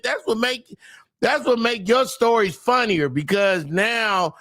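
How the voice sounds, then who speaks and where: A middle-aged man, a comedian guest, talking loud and animated, laughing through his stories. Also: sits high, a little slow, no echo, clean studio sound. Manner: loud, talks over his own laughs, Southern Black church slang. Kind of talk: animated podcast chat.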